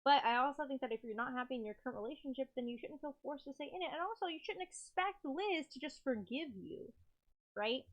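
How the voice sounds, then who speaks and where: A woman streaming a video game, giving sarcastic, excitable commentary with quick laughs. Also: high voice.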